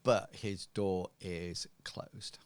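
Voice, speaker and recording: A man's voice: sits low, fairly even intonation, clear, resonant tone, no echo. A man narrating as game master, hesitant and full of ums. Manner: hesitant, many ums, slow.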